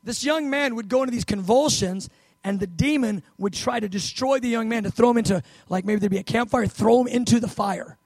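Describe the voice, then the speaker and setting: A man preaching a sermon, acting out Bible scenes with loud bursts and hushed, tender asides. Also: extremely high pitch, fairly quick, no room sound, low-quality recording. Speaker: pastor.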